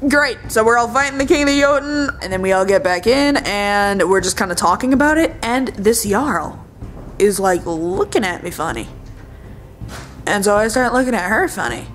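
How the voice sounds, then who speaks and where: Animated young woman telling a story. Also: mid-range voice, moderate pace. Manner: lively, quotes people in put-on voices; jokey and self-mocking. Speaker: LARP vlogger. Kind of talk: casual storytelling.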